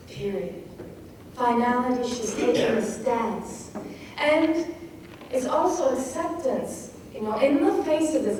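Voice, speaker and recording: A woman's voice: sits high, lively intonation, unhurried, a little mellow. A woman teaching a poetry craft talk, reading lines aloud with emphasis and reflection. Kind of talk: lecture analyzing a poem. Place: lecture hall. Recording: distant, very echoey hall recording with faint noise.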